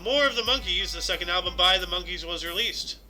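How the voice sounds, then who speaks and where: A man hosts a laid-back podcast and reads out history facts. He wanders into jokes and quick asides. His voice sits high and sounds very bright and sharp. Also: faint music behind. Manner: joking, rambling, quick asides. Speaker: podcast host. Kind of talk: casual chat reading history facts.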